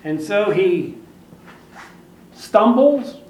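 A man preaching a sermon, telling a story dramatically and swinging between hushed and loud. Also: high-pitched, animated, drawn-out words, roomy sound, far from the mic, rough recording.

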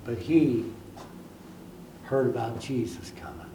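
A man preaching a sermon, telling a story dramatically and swinging between hushed and loud. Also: medium pitch, slow, roomy sound, distant mic, noisy background.

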